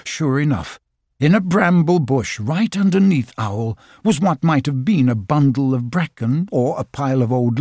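A man narrating a children's storybook audiobook in a gentle, measured way. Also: mid-range voice, no room sound, studio quality. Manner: gentle, measured storytelling with lively vocal shifts.

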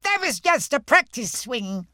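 A man voicing a small, eager young kangaroo in a storybook reading, excited and insistent. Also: very high voice, measured pace, no echo, clean studio sound, pitched above the performer's own voice, full character voice.

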